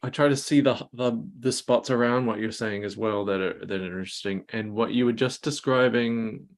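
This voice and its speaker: A man's voice: medium pitch, normal speed. A man joining a group discussion, thinking aloud with many hesitations and restarts. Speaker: participant. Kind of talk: casual discussion.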